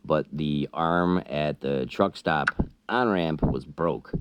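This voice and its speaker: A man, a truck driver, telling a casual, profane story over a chess game, getting loud and heated as the tale builds. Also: very deep voice, slow, slight background noise. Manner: profane, animated storytelling that gets loud when worked up. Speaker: trucker and chess channel host.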